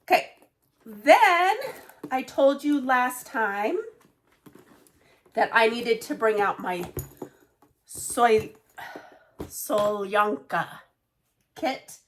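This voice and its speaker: A woman's voice: on the high side, expressive, very slow, long pauses, a little hiss or hum. A woman casually chatting about her cross-stitch projects, rambling with many fillers and side remarks. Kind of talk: casual show-and-tell chat.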